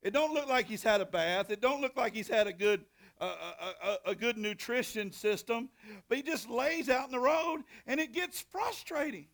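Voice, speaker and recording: A middle-aged man, a pastor preaching a sermon in a folksy storytelling way, drawing out scripture readings slowly and bursting into loud hollers. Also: high voice, animated, vocal fry. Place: church sanctuary.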